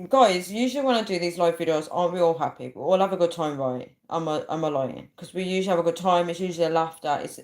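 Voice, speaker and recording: A young woman chatting casually on a livestream, reading out viewer comments and laughing often. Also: fairly low pitch. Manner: laughs a lot, chatty, reads viewer names aloud. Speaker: livestream host.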